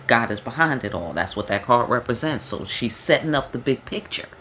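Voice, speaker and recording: A woman's voice: rumbling low, animated, a little fast, a bit bright, a little hiss or hum. A woman giving a casual spiritual tarot reading, talking loosely in slang, with frequent emphatic check-ins to her listeners. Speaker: tarot reader.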